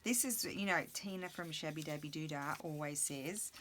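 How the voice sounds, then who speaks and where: A woman's voice: sits low, moderate pace, fairly bright tone, slight background noise. A middle-aged woman chatting casually and rambling to herself while she crafts at her table. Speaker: crafting video host.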